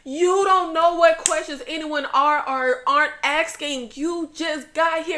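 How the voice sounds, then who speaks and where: A woman's voice: high-pitched, steady tone, takes it slowly, sharp tone. A young woman hosting a TV episode recap, venting bluntly and animatedly with plenty of profanity. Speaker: TV show recap host.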